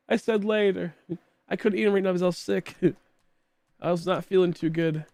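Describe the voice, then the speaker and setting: A man's voice: sits high, moderate pace, vocal fry, pauses often, a little mellow, dry recording. Chatty coughing young man, dry close mic. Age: late 20s. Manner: rambling and chatty, with many fillers. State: coughing, throat tickly. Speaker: game streamer. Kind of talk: casual chat while streaming a game.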